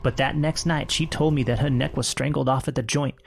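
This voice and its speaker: A man's voice: medium pitch, fairly even intonation, fairly quick, gravelly, soft background music, voice pushed up. A man voicing a grieving 1890s mother who speaks with unwavering conviction, in a put-on Southern accent.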